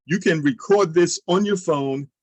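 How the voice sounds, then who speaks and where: A man leading an online sales training, coaching listeners with energetic questions and example pitches. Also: unhurried, dry recording, low-quality recording.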